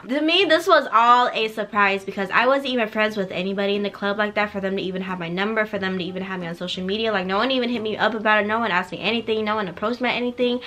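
A young woman in her twenties recounts a story for her vlog, talking bluntly with slang and swearing. Her voice sits a little high and sounds bright and sharp. She keeps the volume low because it is night at home. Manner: drops to a quieter voice so neighbors won't hear. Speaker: vlogger. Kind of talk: casual storytime.

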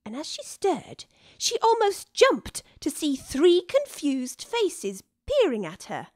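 Lively slow woman storyteller. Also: very high voice, no room sound. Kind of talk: children's story narration. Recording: dry studio with soft music.

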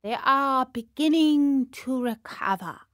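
A woman's voice: high-pitched, no echo, studio quality, pitched above the performer's own voice. A woman doing a solemn, pompous crow doctor. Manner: slow, solemn pronouncements.

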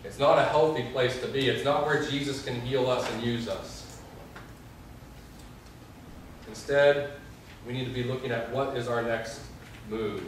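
A man's voice: mid-range voice, moderate pace, a little hiss or hum. A young adult man, a pastor, preaching an earnest sermon and telling stories with quoted prayers. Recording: echoey hall, mic far off.

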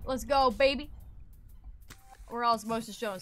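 High pitched woman streaming a game, swears a ton and shrieks when spooked, kinda slow talker. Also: a little hiss or hum. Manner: excitable, swears a lot, shrieks when scared. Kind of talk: live gaming stream commentary.

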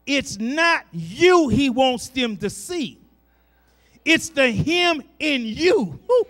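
A high, bright male voice in a church delivering a slow, drawn-out sermon. The middle-aged preacher swings between quiet talk and shouted proclamations, repeating his phrases in a call-and-response rhythm. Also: expressive, faint music behind.

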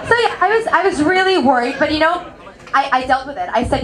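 High-voiced Mexican woman doing stand-up. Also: animated, a little fast, a bit bright. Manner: chatty, self-mocking, laughs through her punchlines. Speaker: stand-up comedian. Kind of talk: stand-up comedy set. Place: comedy venue with a live audience. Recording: crowd noise from a live audience.

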